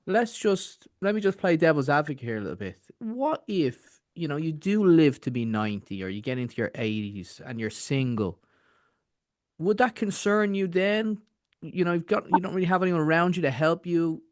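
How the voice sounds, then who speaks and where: A man's voice: on the high side, very animated, normal speed, no echo, studio quality. A man hosting an interview, asking teasing and provocative questions. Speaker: interviewer, host.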